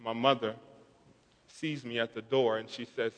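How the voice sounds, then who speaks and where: A young man preaching a sermon, telling a personal story with animated delivery and quoting others in softer voices. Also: medium pitch, a little slow. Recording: long hall reverb.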